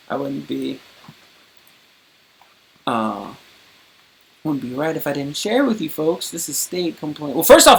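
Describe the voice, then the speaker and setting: An indignant streamer talks straight to viewers in a loose, rambling monologue. The delivery is wordy and full of restarts, with casual swearing. The voice swings between loud, pushed bursts and low, trailing mutters. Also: gravelly. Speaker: streamer recounting own court case.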